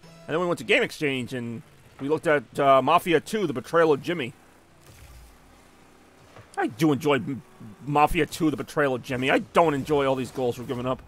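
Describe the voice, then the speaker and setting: A man's voice: medium pitch, normal speed, long pauses, fairly bright tone. A man live-streaming a car soccer game, chatting casually with viewers in a rambling, jokey way. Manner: rambling and jokey, answering chat between plays.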